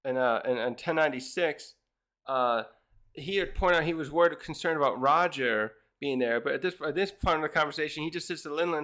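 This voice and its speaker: A man's voice: fairly high pitch, fairly quick, sharp tone. A man casually reviewing a comic chapter, rambling with many fillers and restarts. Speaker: manga reviewer.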